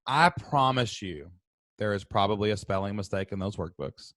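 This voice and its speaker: A chatty man in his thirties spins a long story as co-host, his voice jumping up and down as he gets excited. The sound is close and dry. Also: fairly low pitch, moderate pace, no room sound. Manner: animated, talkative storyteller. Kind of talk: casual storytelling chat.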